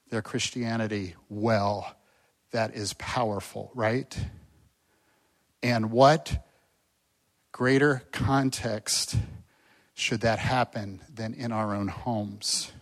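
An older man delivering a sermon in an earnest, conversational way. He speaks at a middle pitch and keeps checking in with his listeners through rhetorical questions. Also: fairly even intonation, takes it slowly, pauses often. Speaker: pastor.

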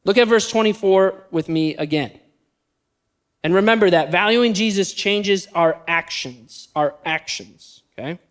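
High-voiced man preaching a sermon. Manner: storytelling, shifting between quick bursts and slow emphatic phrases. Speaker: pastor.

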